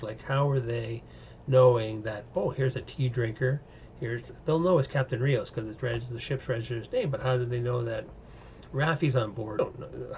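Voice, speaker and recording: A man's voice: mid-range voice, darkish tone, dull audio, slight background noise. A man giving a casual, opinionated recap and review of TV episodes, rambling with many fillers. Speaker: show reviewer.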